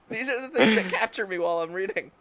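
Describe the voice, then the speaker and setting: A man's voice: sits high, a bit bright, breathy edge. A man hosting a casual chat, rambling through stories, laughing constantly and acting out silly imagined lines. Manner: giggly, rambling, laughs through his words. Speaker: host.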